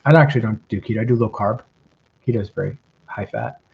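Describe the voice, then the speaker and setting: Middle-aged man, mild metropolitan Southern accent, gravelly low-mid voice, relaxed advice chat, slightly dull stream audio. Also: fast talker. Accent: metropolitan Southern American, mild. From American South. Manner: relaxed, reflective, many ums and rights. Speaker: host giving advice, reading viewer questions. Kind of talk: casual livestream chat.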